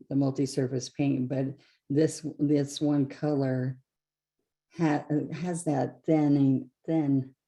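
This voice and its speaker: Low, mellow-voiced woman teaching painting. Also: creaky. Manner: chatty, step-by-step, self-correcting. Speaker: painting class instructor. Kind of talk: live craft demonstration.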